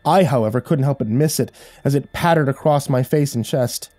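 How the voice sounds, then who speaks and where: A man tells a horror tale in first person, his voice dark and mellow. The delivery is measured and dramatic, close and dry with no room sound. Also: medium pitch, dry recording. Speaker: horror story narrator.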